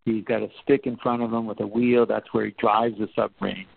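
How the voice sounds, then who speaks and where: A man giving a storytelling talk about leadership, conversational and animated, acting out quotes. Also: a little fast, gravelly, breathy edge. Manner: animated, acts out quotes with rising pitch; conversational, with fillers and restarts. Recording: tinny phone-like, dry.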